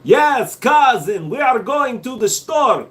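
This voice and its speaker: A man's voice: very high voice, sing-song, takes it slowly, a bit bright, voice pushed up, full character voice. A man voicing a hammy, mock-formal Russian man in a put-on Russian accent.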